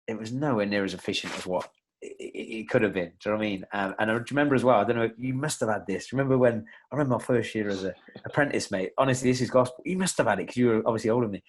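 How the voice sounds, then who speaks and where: Podcast guest: young man, lowish voice, loose rambling chat full of restarts. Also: racing. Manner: rambling, many restarts and fillers, laughs a lot. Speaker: podcast guest, fitness coach.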